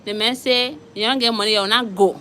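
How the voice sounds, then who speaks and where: A woman telling a story in casual talk, acting out both sides of an exchange in lively bursts. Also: a little high, a little fast. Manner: animated, acts out both sides of a traffic stop in Liberian English.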